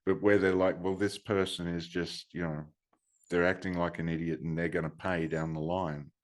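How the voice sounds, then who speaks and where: Guy hosting a podcast, real deep voice, easygoing and chatty. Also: flat delivery, normal speed. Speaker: podcast host. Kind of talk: casual podcast chat.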